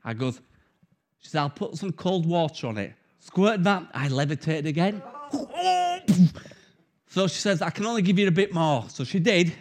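A middle-aged man, preaching a sermon and telling a personal story in an animated, conversational way. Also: a little high, normal speed, long pauses.

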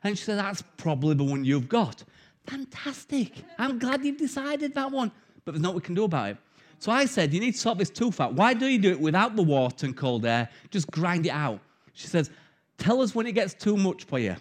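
A middle-aged man, preaching a sermon and telling a personal story in an animated, conversational way. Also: high voice, a little fast.

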